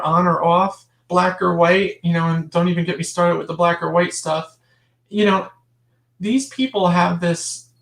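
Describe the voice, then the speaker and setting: A woman guest talking in a casual interview, emphatic and impassioned, often restarting her sentences and adding asides. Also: on the low side. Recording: roomy echo.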